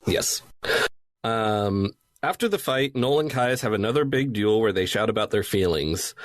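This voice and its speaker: Wry, low-voiced male podcast host. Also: expressive, normal speed, no room sound. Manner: dry, wry, low-key. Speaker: podcast co-host, recapping the story. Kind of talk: casual recap chat.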